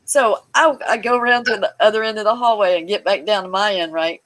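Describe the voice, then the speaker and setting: A woman guest with a medium-pitched voice briskly recounts a hospital experience of her own in casual chat, captured in a low-quality recording. She brings the people in it to life by acting out their voices, and laughs often.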